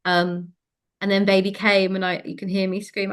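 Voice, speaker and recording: A woman telling a personal story in conversation, frank and lively, with many fillers. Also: medium pitch, normal speed. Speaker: interview guest.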